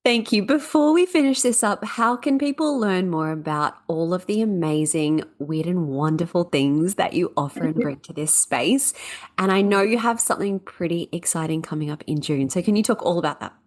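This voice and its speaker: A woman's voice: lowish voice, moderate pace. A woman hosting a casual podcast interview, affirming and encouraging her guest. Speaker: podcast host.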